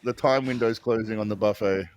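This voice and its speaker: A man's voice: lowish voice, steady tone, a little fast. A man co-hosting a movie riff stream in casual banter, tossing in dry jokes. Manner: joking, dry asides.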